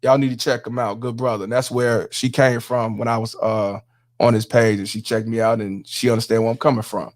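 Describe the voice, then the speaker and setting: A man hosting a livestream, giving profane, emphatic commentary and shouting out viewers. He repeats lines for emphasis. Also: medium pitch, flat delivery, a little fast. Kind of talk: live-streamed commentary with viewer shout-outs.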